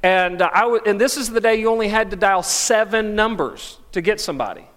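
A middle-aged man preaching a sermon, with a fairly high voice. He tells stories with self-deprecating humor. His voice carries a long reverb through the church sanctuary. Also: brisk, fairly bright tone. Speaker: pastor.

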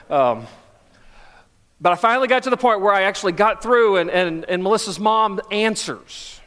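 A man's voice: sits high, fairly quick, fairly bright tone, big-room sound. A middle-aged male pastor preaching a sermon, telling stories with self-deprecating humor. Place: church sanctuary.

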